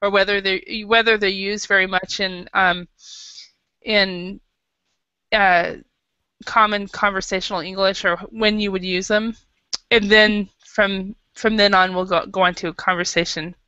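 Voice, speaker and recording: A woman's voice: mid-range voice, flat delivery, measured pace, bright, forceful tone, smooth, dry recording. An American woman teaching an English class, patient and hesitant, with many fillers and restarts. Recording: dull lo-fi classroom recording.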